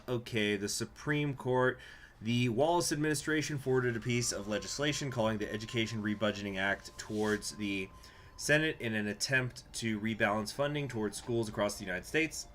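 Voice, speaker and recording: A man's voice: fairly low pitch, moderate pace, a bit bright, a little hiss or hum. A man casually commenting on a strategy game as he plays, reading events aloud with laughing asides. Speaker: game streamer.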